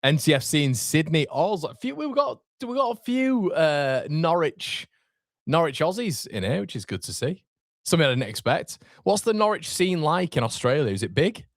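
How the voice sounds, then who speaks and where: A man's voice: a little high, expressive, moderate pace, no room sound. Young Yorkshire male streamer, casual banter over live football, dry close mic. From Northern England. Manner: chatty, reads viewer comments aloud, banter. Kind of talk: live match commentary and chat reading.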